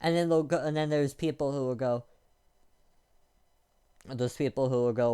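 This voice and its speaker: Young guy ranting, annoyed, rambly and crude, warm smooth voice. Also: mid-range voice, normal speed, long pauses. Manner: irritated, rambling, crude, with frequent restarts and filler. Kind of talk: casual ranting monologue.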